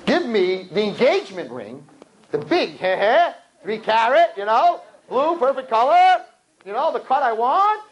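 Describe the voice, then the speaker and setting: A man teaching a religious lesson to a class, telling stories with lively acted-out voices and sudden pitch jumps. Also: a little slow, rough recording. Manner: lively storytelling, jumps high in pitch, acts out characters. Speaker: rabbi teacher. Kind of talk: animated classroom lecture.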